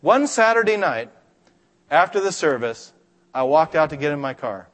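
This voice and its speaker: A man's voice: fairly high pitch, normal speed. A man preaching a sermon, telling stories and acting out the voices of the people in them. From Scotland. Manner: animated, acts out voices in stories. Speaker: pastor. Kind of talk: sermon with storytelling.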